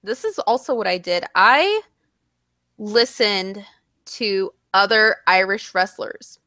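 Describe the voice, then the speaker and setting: A woman in casual chat, animated and blunt, swearing freely. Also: medium pitch, slow, no room sound, clean studio sound.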